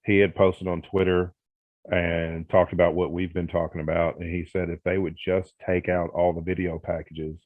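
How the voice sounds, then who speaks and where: Deep-voiced man on a tinny line. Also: little pitch movement, moderate pace, dry recording. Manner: opinionated, emphatic. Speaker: podcast co-host. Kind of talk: casual chat. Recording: phone-like narrow audio, dry.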